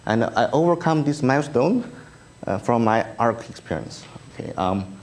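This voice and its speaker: A man with a Chinese accent, whose first language is Chinese, giving a conference talk with slides in a halting way, full of ums and uhs and light self-deprecating humor. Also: mid-range voice, animated. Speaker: speaker at an engineering research review. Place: conference room.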